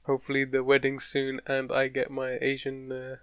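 A man's voice: mid-range voice, monotone, normal speed, fairly bright tone, slight background noise. A young man in casual podcast chat, joking, swearing and laughing often. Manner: laid-back banter with frequent laughter and swearing.

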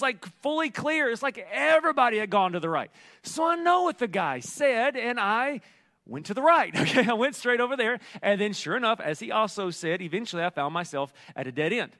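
A middle-aged man preaching a sermon as pastor, telling a story in an animated, joking way. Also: very high voice. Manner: storytelling, animated, jokey asides.

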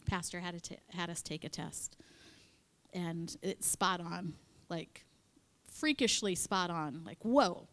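A woman giving an animated devotional talk at church, acting out quotes and dropping into whispers. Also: lowish voice, takes it slowly. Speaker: church speaker.

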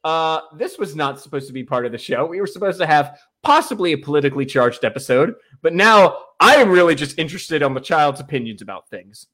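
A high, bright-toned man co-hosting a casual podcast. He talks with lively swings in pitch, laughs often and drops profanity freely in loud comic banter. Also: fairly quick, few pauses. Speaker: podcast co-host. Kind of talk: casual comedic chat.

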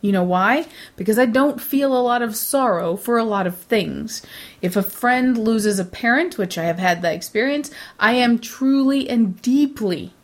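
A woman's voice: medium pitch, normal speed. A woman, giving blunt, opinionated casual talk, swearing freely and acting out other people. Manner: blunt, swears, animated mimicry.

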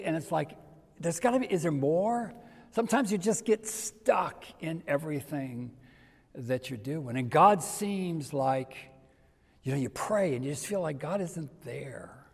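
An older man preaching a sermon in a conversational way, dropping to soft near-whispers for emphasis. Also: on the high side, animated, measured pace, gravelly, long pauses, breathy edge. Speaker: pastor. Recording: reverberant hall.

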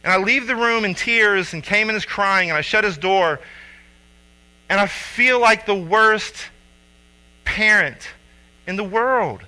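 A man in his thirties, a father and youth coach, telling a personal story with lively acted-out quotes. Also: high-pitched, unhurried, long pauses, smooth, rough recording. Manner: animated storyteller acting out quotes loudly.

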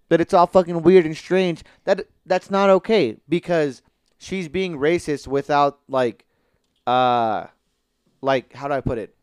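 A man's voice: on the high side, measured pace, a little mellow, clean tone, no room sound, clean studio sound. A man in casual podcast chat about TV shows, rambling with many fillers and restarts and swearing casually.

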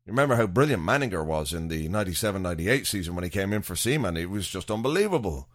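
A man hosting a podcast, chatting casually about football and dropping in jokey asides as he rambles. His voice sits low, but his pitch moves about a lot. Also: animated, very fast. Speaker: podcast host.

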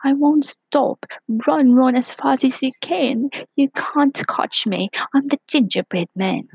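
A woman voicing a small, boastful gingerbread cookie man in a storybook reading, chanting high and taunting. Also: lively intonation, takes it slowly, vocal fry, darkish tone, husky, no echo, full character voice, rough recording. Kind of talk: storybook voice acting.

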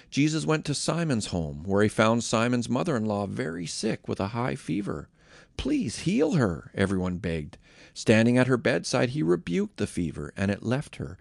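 A man reading scripture aloud in a measured, expressive way, then giving a casual devotional comment on a close mic. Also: mid-range voice, creaky, dry recording. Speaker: Bible reader and podcast host.

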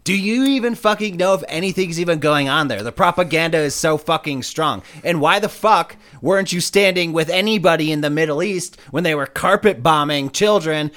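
A man's voice: a little high, fairly quick, few pauses, fairly bright tone. Blunt, profane man in casual chat. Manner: blunt, profane, sarcastic asides. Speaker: podcast co-host.

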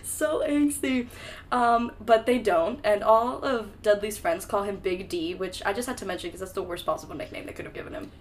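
A woman's voice: medium pitch, moderate pace. A young woman co-hosting a casual book-discussion podcast, breezy and sarcastic, swearing freely as she recaps. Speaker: podcast co-host.

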